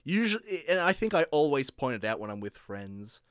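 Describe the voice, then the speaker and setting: A man's voice: fairly high pitch, sing-song, a little fast, clean tone, no room sound, clean studio sound. A man co-hosting a casual film podcast, rambling and hesitant. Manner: rambling, hesitant, laughs often. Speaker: podcast co-host. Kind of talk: casual film review chat.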